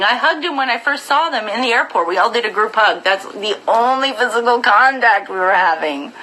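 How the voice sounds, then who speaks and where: Woman streamer ranting to her chat, blunt and profane, kinda high, sharp bright voice. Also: a little fast, hardly any pauses, rough recording. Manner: blunt, profane, animated retelling. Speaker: live-stream host. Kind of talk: casual storytelling to viewers.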